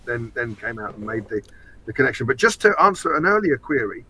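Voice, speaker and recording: A man's voice: medium pitch, very animated, fairly quick, pushed and bright, breathy edge, dry recording, rough recording. A man, a guest on a podcast, chatting casually and explaining details knowledgeably. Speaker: guest, fan website editor. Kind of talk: casual chat. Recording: faint background noise.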